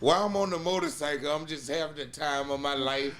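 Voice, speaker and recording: A man's voice: fairly high pitch, fairly quick. A man telling a wild story to a group, laughing and cursing as he goes, with a noisy crowd around him. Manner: laughing, profane, animated storyteller.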